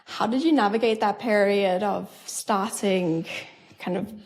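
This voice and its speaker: A woman's voice: mid-range voice, a little slow, darkish tone. A woman podcast host reading a scripted introduction, then asking thoughtful interview questions.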